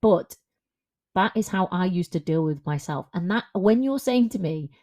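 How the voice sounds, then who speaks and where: A woman's voice: fairly low pitch, expressive, moderate pace, a little mellow. A woman, a confidence coach, talking frankly and conversationally in a solo podcast monologue.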